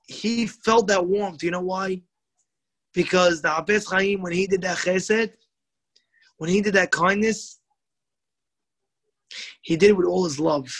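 A man telling a moral story in a sermon, animated, slowing down for emphasis and voicing the characters in his tale. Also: high voice, rough recording.

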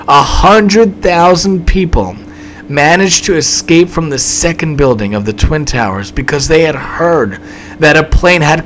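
Male preacher, emphatic storytelling sermon, lively slightly high voice, faint background hum. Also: poor audio. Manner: emphatic, repetitive, dramatic swings in delivery.

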